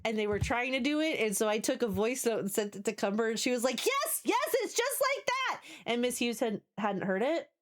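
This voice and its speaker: A woman's voice: a little high, brisk, few pauses. Chatty New Jersey woman streamer. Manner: chatty, swears, talks to chat, restarts often. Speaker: game streamer. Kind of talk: casual live stream chat.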